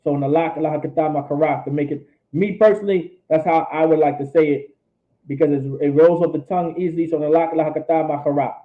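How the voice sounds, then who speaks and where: A man's voice: a little high, fairly even intonation. Man drilling phrases over tinny audio. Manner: slow, repetitive drilling of phrases. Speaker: language teacher. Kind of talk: language lesson.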